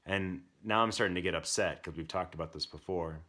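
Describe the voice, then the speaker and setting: Deep-voiced man telling a story. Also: steady tone, fairly quick, few pauses, fairly bright tone. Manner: reflective, candid parenting talk. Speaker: podcast host. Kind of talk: casual storytelling.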